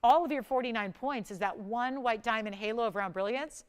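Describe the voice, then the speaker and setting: A woman's voice: fairly high pitch, brisk, clean tone. Urgent woman jewelry-channel host. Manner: urgent, countdown-style price reveals. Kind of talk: live TV sales pitch.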